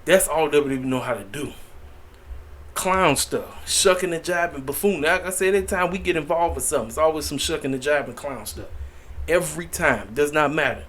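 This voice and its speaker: A man's voice: on the high side, brisk, a bit bright. A man giving a casual opinion rant as a wrestling vlogger, exasperated and repetitive, with slangy asides.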